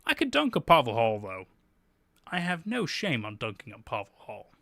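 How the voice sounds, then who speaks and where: A man's voice: medium pitch, wildly swooping pitch, moderate pace, creaky, sharp tone, no echo. A man hosting a livestream, chatting casually and animatedly, laughing often and swearing freely. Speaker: livestream host.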